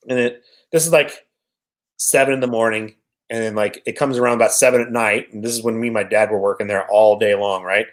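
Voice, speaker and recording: Heard on a rough recording, a man from Washington State guests on a podcast, trading casual chat and profane, wandering stories in a relaxed way. His voice is on the low side and steady, and he talks fairly quickly.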